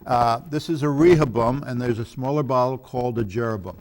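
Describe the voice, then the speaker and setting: A man appearing as a guest on a talk show, telling a story in a halting way with frequent restarts. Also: medium pitch. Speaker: guest, film producer. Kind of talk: casual talk-show chat.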